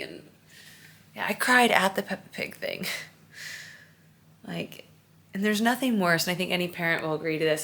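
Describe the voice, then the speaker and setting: Amid a move, a woman in her thirties who vlogs and is a mother talks confessionally at home, weary, emotional and rambling. Her lowish voice comes across bright and forceful.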